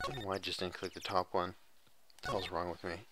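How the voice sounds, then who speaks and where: A man's voice: sits low, brisk, noisy background. A man giving casual let's play commentary in mumbled, self-mocking asides.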